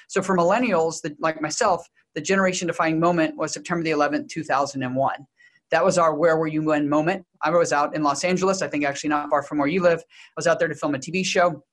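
A young adult Texan man answers questions as an interview guest, talking fast in a slightly high, somewhat bright voice. His intonation stays fairly even as he runs through research and personal anecdotes in a quick, lecture-like manner.

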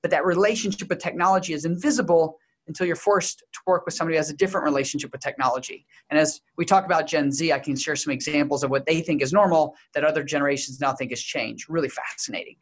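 A young adult man from Texas, speaking as a guest in an interview. He talks quickly, with a voice pitched a little on the high side. He lays out research and personal stories in a brisk, lecturing way. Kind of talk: interview answer.

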